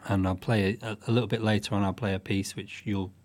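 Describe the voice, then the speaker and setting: A man's voice: on the low side, flat delivery, quick pace. A man from the northwest of England, a guest musician explaining his craft in a casual interview, thoughtful and often restarting his sentences. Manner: thoughtful, with frequent restarts and soft fillers.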